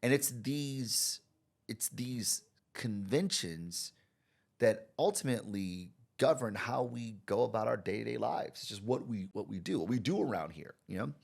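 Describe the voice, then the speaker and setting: An American man talking with a fairly low voice that swings widely and expressively. He is a guest on a podcast, an expert explaining ideas through stories and playing out the other people in them. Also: brisk, creaky, few pauses. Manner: animated, acts out quoted people with big jumps in voice. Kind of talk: conversational interview storytelling.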